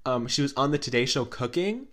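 A podcast co-host telling celebrity gossip in a casual, dramatic way, full of fillers and asides. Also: male voice, medium pitch, expressive, brisk, fairly bright tone. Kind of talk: casual pop culture gossip chat.

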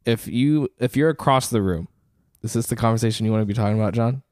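A man in a casual podcast chat who rambles through his thoughts, stacking up fillers and chuckling at his own jokes. His voice sits at a middle pitch, recorded close and dry with no room sound. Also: fast, darkish tone, no echo. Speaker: podcast co-host.

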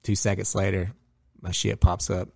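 A man tells a work story in casual chat, animated and full of swearing. His voice sits a little low, and the room sounds dry with no echo. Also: moderate pace, gravelly, breathy edge. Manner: animated, swearing, acts out quoted people.

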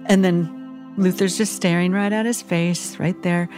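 A woman's voice: on the low side, steady tone, a little slow, a little mellow, soft background music. A woman chaplain, a podcast guest, telling a story in an earnest and tender way. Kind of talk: emotional storytelling.

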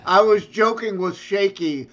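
A man's voice: high-pitched, unhurried, a bit bright, muffled recording. A man co-hosting a podcast, teasing his co-host with joking banter. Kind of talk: casual podcast chat.

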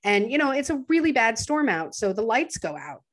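A woman's voice: fairly high pitch, very animated, a little fast. A woman casually recapping a film on a podcast, acting out the characters' lines as she goes. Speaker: podcast co-host. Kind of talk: casual movie recap chat.

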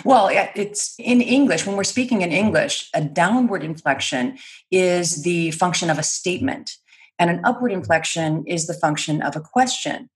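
A woman trainer in an interview, explaining clearly and articulately, often laughing lightly. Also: fairly low pitch, lively intonation, normal speed. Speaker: guest, speech and credibility trainer. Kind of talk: interview answers.

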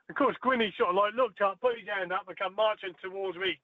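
A man's voice: sits high, fast, no room sound. A man, a former darts player, telling stories in a chatty way with many fillers during an interview. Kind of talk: casual phone interview. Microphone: phone. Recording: tinny phone line, dry.

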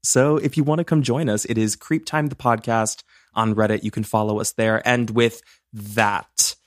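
Chatty low-voiced man hosting a podcast. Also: steady tone, moderate pace, no echo, studio quality. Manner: chatty, playful, laughs often. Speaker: podcast co-host. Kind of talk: casual true-crime podcast chat.

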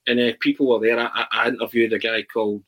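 A man, a podcast guest, telling a travel anecdote in a halting, animated way with many restarts. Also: medium pitch, breathy edge, low-quality recording. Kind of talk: casual storytelling.

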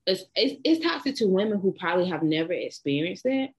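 Blunt Southern woman, lower voice. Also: sing-song, brisk, a little mellow, slightly rough. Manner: blunt, bold storytelling. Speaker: podcast co-host. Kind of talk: casual chat.

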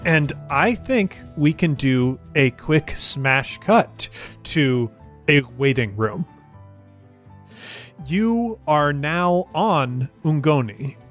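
A man's voice: a little high, very animated, extremely slow, a bit bright, soft background music. A man narrating a tabletop game as game master, describing scenes in a cinematic way with frequent fillers.

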